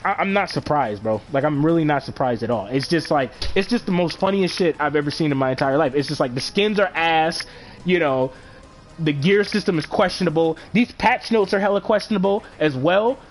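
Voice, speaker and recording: A man's voice: fairly high pitch, expressive, fairly quick. A man ranting on a live stream, exasperated and profane, full of slang and repeated filler words. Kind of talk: casual live stream rant.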